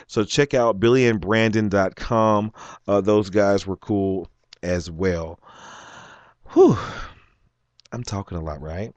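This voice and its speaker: A man with a very low voice hosts a loose solo podcast, rambling with plenty of ums and self-corrections. His voice is close and dry, with no room sound behind it. He is fighting a cough. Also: slow pace, long pauses, a little mellow, no room sound, highs cut off. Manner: rambling, many ums and restarts. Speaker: podcast host. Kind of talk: casual solo talk show.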